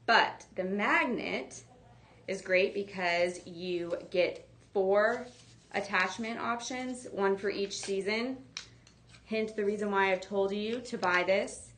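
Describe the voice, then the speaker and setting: A woman's voice: fairly low pitch, fairly bright tone. A woman hosting a live home decor shopping show, chatting casually with lots of fillers as she demonstrates products.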